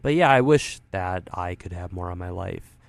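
A gloomy male rat dad in a comedy bit, halting and sorry for himself, with a smooth, low, slightly gravelly voice. A man acts him out in his own near-normal voice. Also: expressive, no echo. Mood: glum. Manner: halting, stammering, glum. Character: weary anxious adult male rat father.

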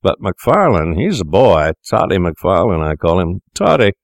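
A man's voice: sits low, big pitch swings, normal speed, vocal fry, no echo, studio quality, heavily acted. A man reading an audiobook, voicing a coarse, bullying small male rogue in a mocking, overbearing way.

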